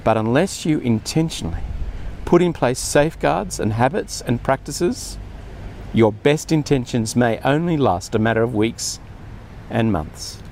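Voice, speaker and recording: A man's voice: mid-range voice, lively intonation, a little slow, a little mellow, a little hiss or hum. A man preaching a sermon in an earnest way, often acting out quoted speech with more emphasis.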